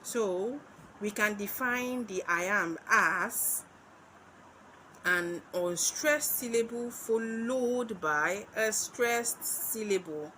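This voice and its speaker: A Nigerian woman who tutors literature gives an exam-prep lesson in a medium-pitched, bright, forceful voice. She speaks slowly and repetitively, going over key points and asking questions she answers herself. The recording is low quality with slight background noise.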